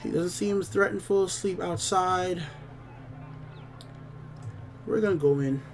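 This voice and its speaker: A man's voice: high-pitched, takes it slowly, far from the mic, a little hiss or hum. A man hosting a game playthrough who reads the story text aloud, often stumbling and rereading phrases. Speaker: let's play host.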